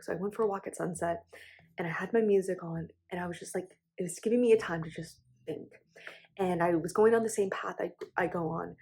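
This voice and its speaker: A woman's voice: on the low side, a little mellow, husky. Emotional young woman confiding on camera. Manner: candid, emotional, frequent "like" and restarts. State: close to tears. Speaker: vlogger. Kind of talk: personal confessional vlog.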